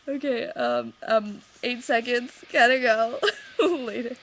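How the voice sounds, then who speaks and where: A woman's voice: fairly high pitch, takes it slowly, a bit bright, poor audio. A young woman ranting casually to her webcam at home, rambling and sarcastic with lots of filler words. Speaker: vlogger.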